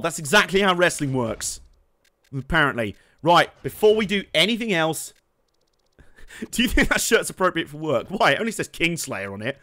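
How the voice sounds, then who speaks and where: With a voice pitched on the higher side, this young man hosts a let's play, cracking jokes over the gameplay in a relaxed way. He swears, laughs often, and erupts with excitement.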